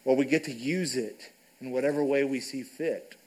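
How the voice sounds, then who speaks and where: A man's voice: mid-range voice, moderate pace, a little mellow, low-quality recording. A man preaching a sermon in a church, conversational and casual, often checking in with the congregation. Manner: conversational, frequent "right?" asides. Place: church sanctuary.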